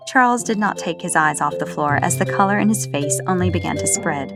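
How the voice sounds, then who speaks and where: A woman narrates a novel in a steady, even storytelling manner. Her voice sits on the low side for a woman, and faint music plays beneath. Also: a little fast, vocal fry. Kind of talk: audiobook narration.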